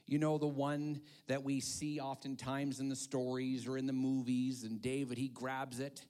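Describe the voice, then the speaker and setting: A male pastor giving a dramatic sermon, swinging from hushed whispers to loud calls. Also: mid-range voice, level tone, normal speed, hardly any pauses, smooth.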